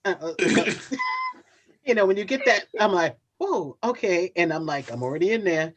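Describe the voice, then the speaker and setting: A woman hosting a casual video-call chat, telling a story with lively laughter and acted-out quotes. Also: on the low side, brisk, lo-fi sound, slight background noise. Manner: animated storyteller, laughs often, acts out quotes. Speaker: host.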